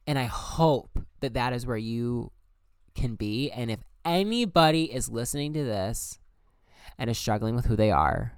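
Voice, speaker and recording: Young man, personal monologue, candid, emphatic, swears a lot, smooth voice, dry sound. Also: medium pitch, no room sound. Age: young adult.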